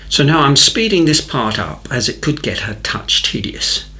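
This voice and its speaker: A man's voice: medium pitch, very animated, normal speed, pushed and bright. A man with a Southern English accent who narrates a painting tutorial in a friendly, rambling way. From North Kent, England. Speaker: art instructor. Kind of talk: chatty painting tutorial voice-over.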